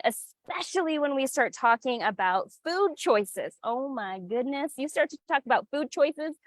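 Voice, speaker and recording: A woman's voice: sits high, dry recording. A woman wellness coach talking candidly and chattily, teasing clients' excuses and acting them out. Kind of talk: casual solo talk.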